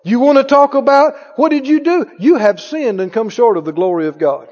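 Male preacher, high voice, emphatic, rhetorical questions, echoing church, dull audio. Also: animated, brisk, a little mellow. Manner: mimics others in a higher voice. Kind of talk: sermon.

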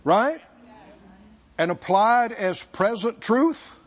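A man preaching a sermon, asking the congregation for responses and slowing down to stress key words. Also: high-pitched, expressive, highs cut off. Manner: call-and-response preaching, slows for emphasis. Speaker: pastor.

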